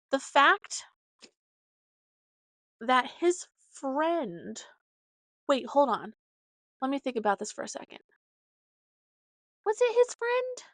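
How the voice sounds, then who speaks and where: A woman's voice: a little high, dry recording. Chatty young woman, rambling podcast host. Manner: rambling, filler-heavy storytelling. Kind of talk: casual chat.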